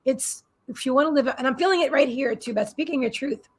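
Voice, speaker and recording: A woman's voice: sits high, fast talker, slightly rough. A middle-aged woman, a psychic healer giving a live-streamed spiritual reading in a rambling, repetitive, soothing way.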